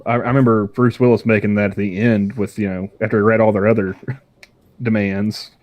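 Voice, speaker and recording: A man's voice: fairly low pitch, little pitch movement, brisk, lo-fi sound. A young man co-hosting a podcast, rambling in casual chat and often stammering and restarting his sentences. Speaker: podcast co-host.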